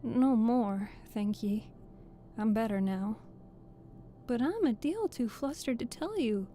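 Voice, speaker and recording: A woman voicing Bill, a feeble, flustered little lizard with a squeaky voice. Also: lively intonation, slow, dark tone, a little hiss or hum.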